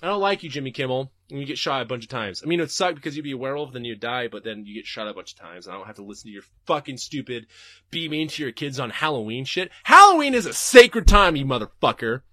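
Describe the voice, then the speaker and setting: A young man hosting a podcast, answering listener questions in a casual, profane, animated rant from his home desk. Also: mid-range voice, fast, dry recording, clean studio sound.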